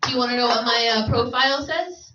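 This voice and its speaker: A woman hosting a comedy show in a brash, boastful persona, her voice high and pitched up. She is heard from a distance in an echoey room, with clear noise in the background. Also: quick pace, lo-fi sound. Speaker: open mic host. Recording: echoey room, far from mic, noisy.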